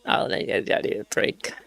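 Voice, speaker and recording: A man's voice: sharp tone, no echo. A male streamer reading practice questions aloud and working through them casually, swearing when frustrated.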